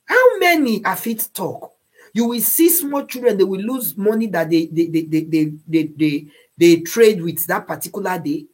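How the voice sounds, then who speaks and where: Husky-voiced Nigerian woman, preachy. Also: fairly low pitch, lively intonation, normal speed. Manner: slips into Nigerian Pidgin phrases; preachy, repeats words while searching. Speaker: speaker giving moral advice. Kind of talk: earnest moral talk.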